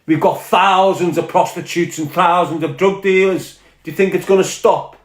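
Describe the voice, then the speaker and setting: A man's voice: sits high, fairly even intonation, moderate pace, reverberant. A man with a Scouse accent from Liverpool, delivering an angry, profane, confrontational rant to camera. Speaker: online commentator.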